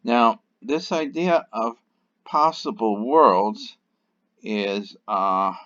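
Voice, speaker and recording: A deep-voiced man teaches a logic lesson, his pitch rising and falling a great deal as he works through examples. He talks off the cuff, with fillers, restarts and the odd dry aside. The recording sounds dull and lo-fi. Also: a bit bright. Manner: unscripted explaining with frequent fillers and restarts. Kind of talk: recorded online lecture.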